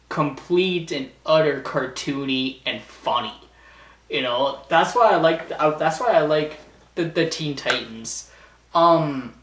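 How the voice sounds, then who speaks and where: A fairly bright, higher-pitched male voice belongs to a Canadian vlogger casually ranking TV shows. He rambles with lots of stammered restarts. The mic sits far off in an echoey room.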